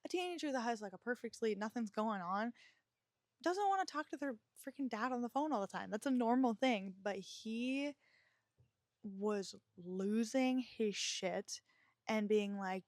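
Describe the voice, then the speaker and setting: A woman's voice: medium pitch, moderate pace, no room sound, clean studio sound. A young woman hosting a podcast, telling a personal story in a frank, emotional way, swearing freely and using lots of fillers. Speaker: podcast host.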